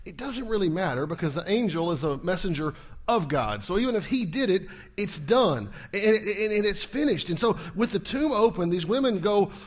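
A man's voice: high voice, sing-song, moderate pace. A male pastor preaching a sermon, telling the story vividly, acting out scenes and checking in with the congregation through rhetorical questions. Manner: acts out scenes, shouting at peaks.

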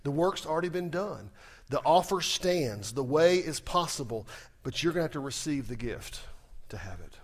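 A middle-aged man delivering a sermon in a conversational way, with a voice pitched a little above the usual for a man. He leans on rhetorical questions, pushes key words up and lets phrase endings sink low and soft. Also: big pitch swings, normal speed. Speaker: pastor.

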